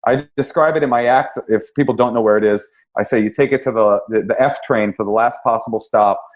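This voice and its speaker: Casting: male comedian guest, dry wry storyteller, mid-pitched voice. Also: a little fast, lo-fi sound. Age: young adult. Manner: wry, self-deprecating storyteller. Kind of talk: storytelling podcast chat.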